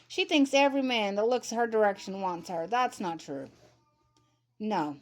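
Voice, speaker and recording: A woman's voice: mid-range voice, animated, normal speed. A woman in her thirties giving a blunt, ranting commentary to camera, repeating herself for emphasis. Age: 30s. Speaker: vlogger. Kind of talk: casual commentary.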